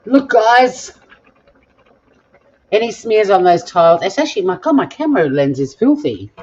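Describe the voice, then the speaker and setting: Australian woman, home cook host, bubbly live-stream chatter, mid pitch, slightly muffled lo-fi sound. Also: big pitch swings, normal speed, darkish tone. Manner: bubbly, chatty, talks to viewers while cooking. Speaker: cooking show host. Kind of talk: live-streamed cooking chat. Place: home kitchen.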